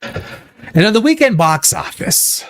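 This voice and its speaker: A man hosts a loose pop-culture commentary show in a somewhat high, very lively voice. He rambles and restarts his sentences, sliding into profane rants. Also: takes it slowly. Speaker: show host.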